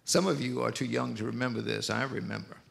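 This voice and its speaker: An older pastor with a deeply gravelly voice, preaching in slow, heartfelt phrases. His voice rings out through a long, reverberant church hall. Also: fairly even intonation, slight background noise. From Mississippi, US. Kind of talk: sermon.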